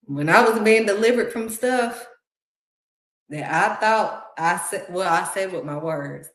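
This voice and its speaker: A woman's voice: on the low side, unhurried. A woman giving heartfelt spiritual encouragement in a conversational preaching style, repeating phrases for emphasis. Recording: roomy echo.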